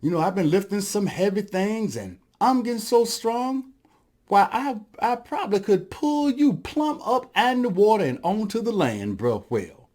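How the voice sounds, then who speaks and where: A man voicing a boastful, sly little male trickster rabbit in a told folktale, smooth-talking and full of brags. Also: high voice, big pitch swings, moderate pace, darkish tone, voice pushed up. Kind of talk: storytelling performance.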